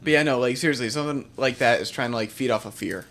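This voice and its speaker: A man on a podcast tells a story casually, with lots of swearing and a steady, mid-range voice. He sounds relaxed and loose, like he is talking with friends. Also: medium pitch, fast, slight background noise. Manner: laid-back storytelling, heavy swearing and filler words. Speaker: podcast host. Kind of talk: casual chat.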